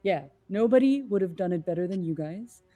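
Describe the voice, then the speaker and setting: A woman voicing an earnest young male adventurer who speaks softly and reassuringly to children. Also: mid-range voice, expressive, fairly quick, faint music behind, lightly acted.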